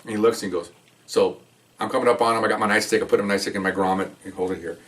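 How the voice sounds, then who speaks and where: An older retired cop tells a story at a brisk clip, acting out each moment as he talks. He sounds a bit away from the mic, with some room around his voice. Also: fairly low pitch, distant mic. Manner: animated, acts out the scene with gestures. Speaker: retired police officer. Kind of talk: telling a personal story.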